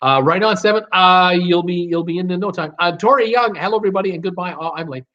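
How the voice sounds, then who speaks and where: A man's voice: sits high, quick pace, sharp tone. Chatty man reading live chat. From United States. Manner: chatty, greets viewers by name, begs for thumbs ups. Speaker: host of a live cruise Q&A stream. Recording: slightly dull, lo-fi stream audio.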